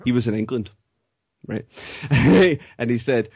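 A man's voice: medium pitch, lively intonation, measured pace, husky, no room sound, dull audio. A Scottish man chatting casually as a guest, laughing often and rambling through his stories. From Scotland. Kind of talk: casual chat.

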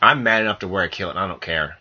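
A man co-hosting a comedy podcast, excitable and rambling, poking fun at himself. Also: sits low, fast. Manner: excitable, rambling, self-mocking. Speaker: podcast co-host. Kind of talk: casual comedic podcast banter. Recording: dull lo-fi podcast audio.

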